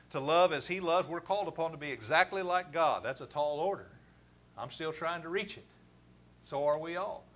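Emphatic preacher with bright voice. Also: male voice, medium pitch, a little hiss or hum. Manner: emphatic, rising to forceful stresses. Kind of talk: sermon.

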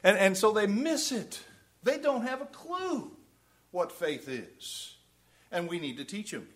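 Emphatic man preaching, slightly high voice. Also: very animated, a little slow, fairly bright tone. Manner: emphatic, asks the listeners rhetorical questions. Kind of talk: sermon.

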